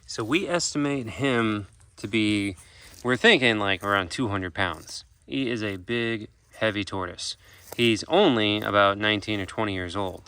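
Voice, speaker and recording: Bright-voiced man narrating a sanctuary vlog. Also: lowish voice, no room sound. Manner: explains animal care plainly, coos at animals. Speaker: animal sanctuary keeper.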